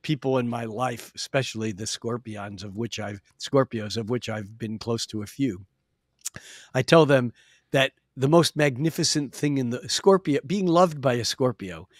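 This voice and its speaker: Recorded on a podcast microphone with a clean studio sound and no room echo, a mid-range male voice belongs to an astrologer appearing as a podcast guest. In this casual chat he explains at length, telling stories expansively and frequently starting over.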